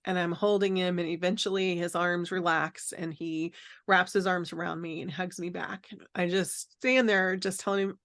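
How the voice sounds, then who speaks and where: A woman's voice: lowish voice, steady tone, moderate pace, fairly bright tone. Earnest middle-aged woman telling a story. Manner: earnest, reflective, with frequent fillers and restarts. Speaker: podcast guest, caregiving coach. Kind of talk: personal storytelling in conversation.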